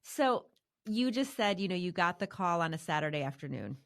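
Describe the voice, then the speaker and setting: A woman's voice: on the low side, very animated, normal speed. A woman hosting a podcast, talking in an earnest, conversational way with her guest. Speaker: podcast host. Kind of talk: casual conversation.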